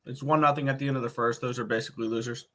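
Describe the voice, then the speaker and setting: A man's voice: mid-range voice, fairly even intonation, very fast, a bit bright. A man co-hosting a live sports betting stream, talking in a dry, matter-of-fact way. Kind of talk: casual banter on live stream.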